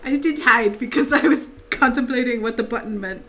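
A woman streamer giving live let's-play commentary, excitable and reactive, laughing, yelping, swearing freely and talking to the game characters. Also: on the high side, brisk, noisy background. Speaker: gaming streamer.

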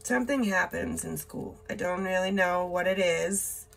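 A woman's voice: on the low side, normal speed, gravelly, a bit bright, a little hiss or hum. A woman doing a casual tarot reading, reading card words aloud in short bursts, blunt and swearing now and then. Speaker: tarot reader.

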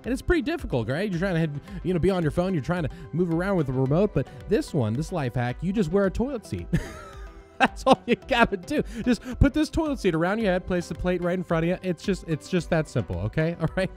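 A man's voice: high voice, sing-song, brisk, darkish tone, soft background music. A young man doing comedic radio DJ patter, upbeat and corny, chuckling at his own puns. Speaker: Christian radio DJ parody.

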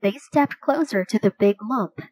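A woman reading a children's story aloud in a slow, clear, gentle storytelling way. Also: mid-range voice, rough recording. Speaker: storybook reader.

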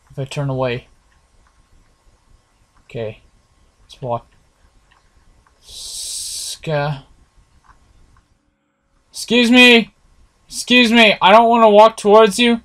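A man's voice: high-pitched, takes it slowly, pauses often, fairly bright tone. A man giving nervous, jumpy commentary while playing a horror game, talking to his viewers and swearing often. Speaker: gameplay streamer.

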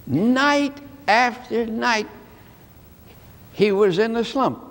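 An elderly preacher in his eighties tells a folksy sermon story with long dramatic pauses. His voice is high and gravelly, and he speaks slowly. It echoes through a large hall. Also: fairly bright tone. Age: 80s.

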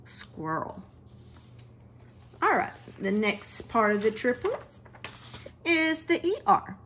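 A woman's voice: fairly high pitch, sing-song, a bit bright, slight background noise. A woman teaching a phonics lesson to children, sounding out words one sound at a time. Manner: slow, sound-by-sound phonics drilling.

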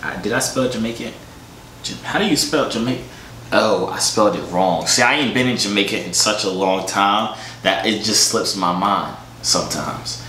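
A man's voice: on the low side, moderate pace, bright, forceful tone, slight background noise. Joking young man in an echoey room. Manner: joking, boastful, slangy. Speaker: vlogger. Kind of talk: comedic vlog chat.

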